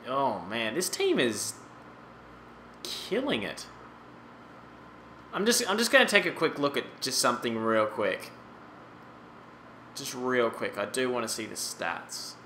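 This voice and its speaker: A young man in his late twenties with a very bright, sharp voice talks over a hockey management sim. He rambles casually and bursts into exclamations. The sound bounces around an echoey room with a faint hum behind him. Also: medium pitch, very animated, a little slow, pauses often. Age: 20s. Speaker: gaming YouTuber. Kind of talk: casual gameplay commentary.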